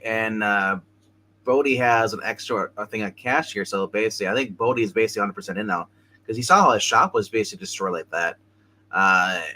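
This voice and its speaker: A man's voice: lowish voice, bright, forceful tone, rough recording. Rambling man recapping a TV episode. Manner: rambling, halting, many restarts. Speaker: show co-host.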